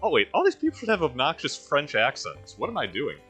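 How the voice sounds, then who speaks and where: A man's voice: on the high side, wildly swooping pitch, fast talker, bright, forceful tone, slightly rough, soft background music. A man giving casual, wry commentary while playing a role-playing game, with rambling history asides. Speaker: let's-play host.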